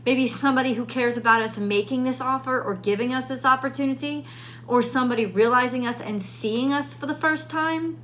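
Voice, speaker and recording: A woman talks through a tarot reading in a bright, fairly high voice. She thinks aloud, repeats her questions and restarts her sentences. A faint hum sits under the recording. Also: fairly quick. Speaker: tarot reader. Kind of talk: casual spoken tarot reading.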